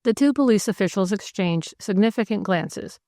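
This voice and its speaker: In a dry, studio-quality recording, a female audiobook narrator reads a classic mystery aloud. Her medium-pitched delivery is steady and measured.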